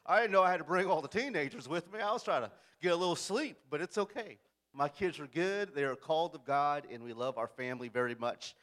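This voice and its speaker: A man's voice: fairly high pitch, a little fast, a bit bright. Folksy man addressing a congregation. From central California. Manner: folksy, joking, asks for amens. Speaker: youth and discipleship director. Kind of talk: church introduction talk.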